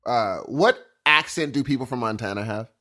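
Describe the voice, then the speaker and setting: A man's voice: medium pitch, moderate pace, bright, forceful tone. A young man co-hosting a podcast, rambling in casual chat and acting out little voices. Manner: rambling, jokey, acts out voices. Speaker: podcast co-host.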